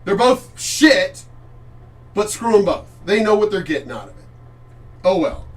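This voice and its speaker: This middle-aged channel host reacts to clips in a casual, blunt way, swearing constantly in a high voice. His delivery is sing-song and unhurried, and he rambles, often restarting sentences while sitting a fair distance from the mic.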